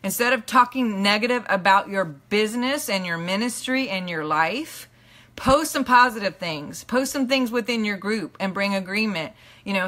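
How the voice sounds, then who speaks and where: A woman teaching a live online class in an earnest, emphatic way, often checking in with her listeners and letting phrases drop low and soft at the end. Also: moderate pace. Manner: earnest, emphatic, repeats "okay?" to the audience. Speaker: teacher and minister. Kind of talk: live-streamed motivational teaching.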